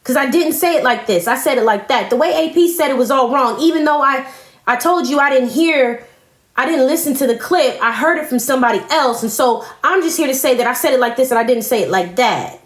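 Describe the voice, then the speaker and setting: A woman's voice: high voice, a little fast. Confrontational woman ranting, echoey room. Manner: confrontational, profane, repetitive. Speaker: live-stream commentator. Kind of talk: heated live-stream rant.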